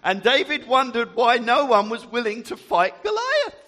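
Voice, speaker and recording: A man's voice: very high voice, sing-song, normal speed, pushed and bright. A man leading a group through a Bible story, casting volunteers and reading aloud in a jovial, chatty way. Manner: jovial, chatty, laughs often. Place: large hall with a group. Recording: echoey hall.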